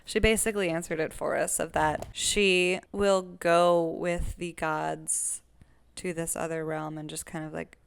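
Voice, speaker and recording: A woman's voice: lowish voice, fairly even intonation, unhurried, vocal fry, smooth. A woman co-hosting a casual book club podcast, chatty and recapping chapters, acting out characters' lines along the way. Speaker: podcast co-host.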